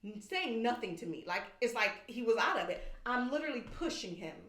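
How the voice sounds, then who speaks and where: A woman with a fairly high-pitched voice talks a little fast as a podcast guest. Candid and animated, she tells an emotional personal story and voices what others said, in an echoey room.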